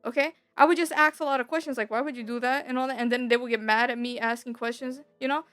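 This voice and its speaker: A young woman telling a personal story in a casual, rambling way. She swears freely, repeats herself, and gets louder when she is upset. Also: on the high side, fairly even intonation, quick pace, no echo, faint music behind. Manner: bitter and emotional, voice rising when upset. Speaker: streamer.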